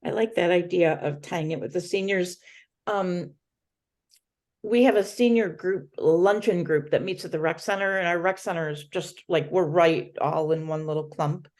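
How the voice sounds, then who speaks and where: A woman's voice: lowish voice, moderate pace, a little mellow. A woman from library staff in a roundtable discussion, offering a supportive idea while thinking aloud with fillers.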